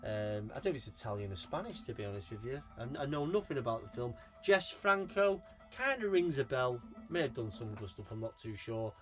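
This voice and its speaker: A man chats to camera about his collection, excited and rambling, and swearing now and then. His voice sits at an ordinary mid pitch, and faint music plays behind him. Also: a little fast, few pauses. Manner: enthusiastic, rambling, swears freely. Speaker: collector showing his purchases. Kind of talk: casual video chat.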